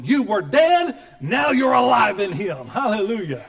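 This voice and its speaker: A middle-aged man preaching a sermon as pastor, animated and joking, acting out quoted voices. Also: sits high, normal speed, few pauses.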